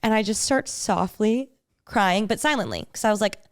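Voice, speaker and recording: Young woman, podcast co-host, smooth clear voice, casual animated storytelling. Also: mid-range voice, normal speed. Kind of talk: casual chat.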